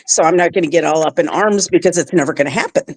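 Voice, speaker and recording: A woman's voice: deep voice, fast talker, no room sound. Rambling, easygoing woman on a talk show. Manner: rambling, relaxed, lots of fillers. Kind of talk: casual roundtable chat.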